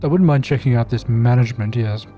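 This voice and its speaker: A man's voice: mid-range voice, dark tone, soft background music. A man playing a tabletop horror game, joking and bantering with the table. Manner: joking, quick banter, laughs often. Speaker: player.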